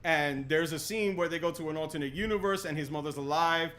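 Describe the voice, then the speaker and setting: Young guy hosting a podcast, pumped up, lots of "yo", highish voice. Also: a little fast. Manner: excitable, says "yo" a lot, restarts often. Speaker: podcast host. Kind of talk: casual chat.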